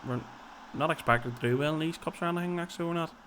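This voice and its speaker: A man's voice: a little high, quick pace, a bit bright, slight background noise. A man, casually commenting on a football management game and thinking aloud as he plays. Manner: chatty, thinks aloud, tags lines with "so it did" and "like". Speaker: video game player and commentator.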